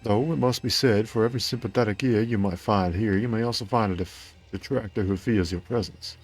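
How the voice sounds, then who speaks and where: A man's voice: on the low side, a little fast. A man voicing an earnest, grateful male clan member from a video game, reading the lines in a put-on drawl that slides between cowboy and Australian. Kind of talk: reading game dialogue aloud.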